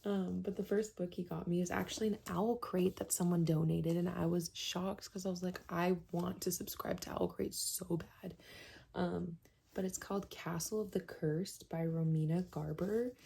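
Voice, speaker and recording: A young woman talks through her book haul in a relaxed vlog, her voice low and mellow. She keeps it soft, slipping into whispers and filling pauses with little filler words. A gravelly fry runs under much of her speech. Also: low-quality recording. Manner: soft-spoken, often drops to a whisper, filler-heavy. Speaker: book vlogger. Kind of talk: casual reading vlog chat.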